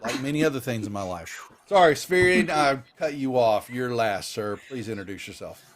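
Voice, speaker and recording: A man's voice: mid-range voice, animated, normal speed. A man hosting and running a tabletop role-playing game, talking in a rambling, laid-back, self-deprecating way. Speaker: dungeon master. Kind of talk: casual game mastering.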